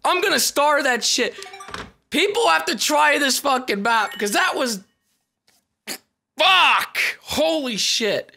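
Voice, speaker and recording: A hoarse man giving excited gameplay commentary, yelling and swearing as he plays. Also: very high-pitched, takes it slowly, pauses often, soft background music. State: hoarse from shouting. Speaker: video game player.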